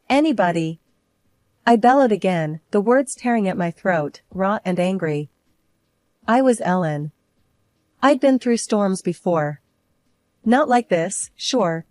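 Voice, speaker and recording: A woman's voice: mid-range voice, animated, unhurried, darkish tone, dry recording. A woman narrating a dramatic first-person story in a tense telling.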